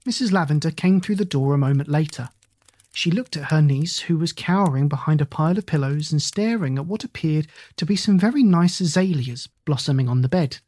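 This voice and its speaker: A narrator reading a children's novel aloud in a measured, even storytelling manner, on a close mic. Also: mid-range voice, no echo. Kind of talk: audiobook narration.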